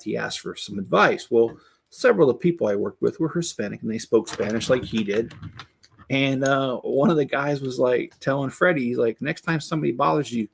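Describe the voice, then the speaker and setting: A man's voice: medium pitch, creaky, slight background noise. A middle-aged man talking casually and candidly as he builds, rambling with many restarts and asides. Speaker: Lego builder and channel host. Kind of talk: casual chat while building.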